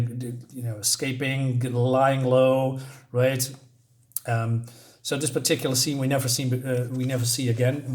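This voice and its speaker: A man casually reviewing a comic book, sarcastic and exasperated, rambling with many fillers and reading dialogue aloud. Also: medium pitch. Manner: reads dialogue aloud in quick snatches.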